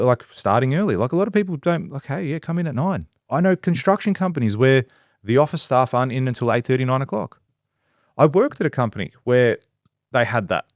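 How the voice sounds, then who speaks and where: A man's voice: medium pitch, dry recording. Blunt, profane man in a dry room. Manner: blunt and profane, acts out quoted people in lively voices. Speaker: construction business owner and podcast co-host. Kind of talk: casual podcast discussion.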